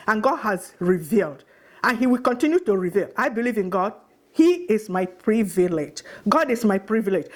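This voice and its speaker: A middle-aged woman speaking straight to the camera, indignant and pleading, repeating her points for emphasis. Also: high-pitched. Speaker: vlogger. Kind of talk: impassioned direct-to-camera address.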